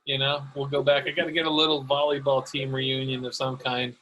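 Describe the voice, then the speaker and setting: A man's voice: medium pitch, flat delivery, fairly quick, bright, forceful tone, highs cut off, slight background noise. A man in his late forties hosting a podcast, chatting casually and nostalgically with an old classmate and laughing easily. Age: late 40s. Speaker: podcast host. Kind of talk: casual reminiscing chat.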